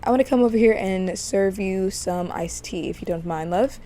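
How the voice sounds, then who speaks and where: A woman voicing a young newlywed husband in a life-sim game, gentle and a bit defensive. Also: mid-range voice, moderate pace, lightly acted. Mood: sweet. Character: young husband on his honeymoon, earnest.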